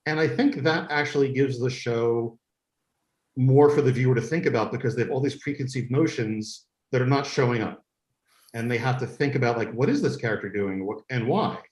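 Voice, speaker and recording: A man, a guest in a podcast interview, tells stories about his show with plenty of enthusiasm and restarts. His voice sits at a middling pitch. The room around him is noticeably echoey. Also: steady tone, fairly quick, a little mellow. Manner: enthusiastic storytelling, many restarts. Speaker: guest, creator of an animated series.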